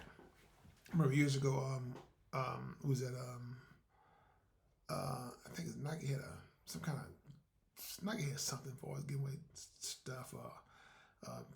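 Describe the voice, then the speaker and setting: A man's voice: mid-range voice, vocal fry. A man hosting his own podcast, talking casually in a folksy way, repeating words and acting out little dialogues. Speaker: podcast host. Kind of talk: casual solo monologue.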